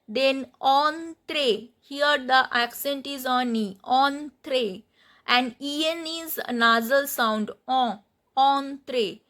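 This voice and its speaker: Woman teacher with an Indian English accent, bright high voice, slow and patient, repeats words for drilling. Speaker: French teacher. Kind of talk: classroom grammar lesson.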